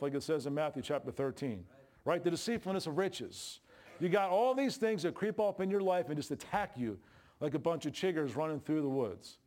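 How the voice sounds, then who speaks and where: A middle-aged man preaching a sermon with a voice set a bit higher than most men's. He talks in a folksy, emphatic way and jumps up in pitch when he gets fired up. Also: darkish tone.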